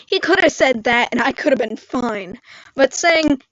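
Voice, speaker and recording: A woman with a high voice tells a personal story at an unhurried pace. She is animated and acts out what others said. The sound is dull, dry and lo-fi. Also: no room sound. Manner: animated storytelling, acting out quoted lines. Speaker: vlogger. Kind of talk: storytime live stream. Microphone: screen-recorded live stream mic.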